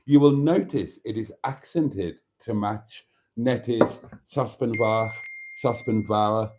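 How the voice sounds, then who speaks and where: A man's voice: on the low side, slow, a little mellow. A man hosting a live stream, reading out viewer comments in a casual chat and calling his viewers darlings with mock-grand phrasing.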